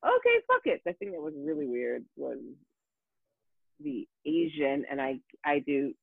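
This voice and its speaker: A woman telling a story in casual talk, animated and profane, with many fillers and restarts. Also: a bass voice, measured pace, creaky, husky, no room sound. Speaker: guest. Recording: tinny phone-like dry sound.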